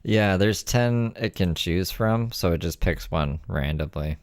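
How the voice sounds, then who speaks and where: A man's voice: deep voice, a little slow, no echo, studio quality. A man hosting a live stream, chatting casually and thanking donors. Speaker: stream host reacting to a video.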